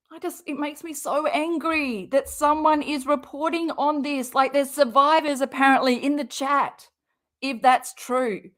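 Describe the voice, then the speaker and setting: A woman's voice: sits high, a bit bright. A woman streaming a reaction to a clip, talking in sarcastic, exasperated commentary with some swearing while she has a cold. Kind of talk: angry commentary over a clip.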